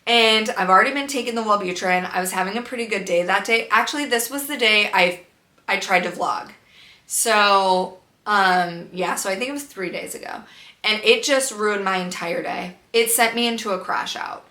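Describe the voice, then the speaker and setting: A woman's voice: medium pitch, moderate pace, pushed and bright. Frustrated young woman vlogging in an echoey room. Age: young adult. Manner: frustrated, rambling, swears freely. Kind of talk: casual chat. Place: home room with a loud air conditioner. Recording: echoey room, faint hum.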